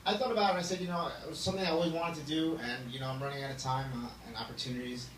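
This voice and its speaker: A man's voice: fairly high pitch, fairly even intonation, rapid-fire. A man in his thirties doing a stand-up comedy set, self-deprecating and laughing at his own jokes. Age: 30s. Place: small club stage with audience. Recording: echoey room from a distance, loud noise.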